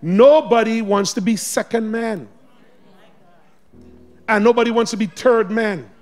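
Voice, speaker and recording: A man preaching a sermon in a church, exhorting the congregation and swinging between loud shouts and quiet asides. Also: high voice, measured pace, faint music behind, a faint crowd. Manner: exhorting, calls on the congregation to respond. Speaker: pastor. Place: church sanctuary.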